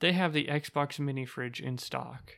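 A man's voice: medium pitch, measured pace, vocal fry, a bit bright. A man co-hosting a podcast, chatting casually and rambling through a story, laughing often and swearing freely. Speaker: podcast co-host. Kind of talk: casual chat.

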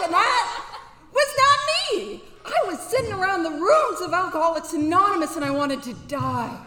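A woman's voice: sits high, a bit bright. A woman giving a candid personal testimony at a banquet, earnest and direct, sometimes breaking into sudden whooping bursts. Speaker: recovery speaker at a banquet. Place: banquet hall. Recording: echoey hall with long reverb.

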